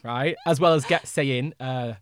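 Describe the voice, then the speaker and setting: Animated man in casual podcast chat. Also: medium pitch, unhurried, clear, resonant tone. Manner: opinionated, animated, laughs easily. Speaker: podcast co-host.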